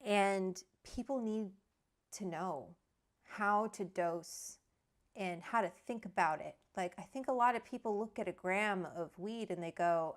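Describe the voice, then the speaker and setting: A woman's voice: medium pitch, measured pace. A woman chatting casually on a livestream from home, reading viewer comments aloud. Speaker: livestream host. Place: at home with her dog.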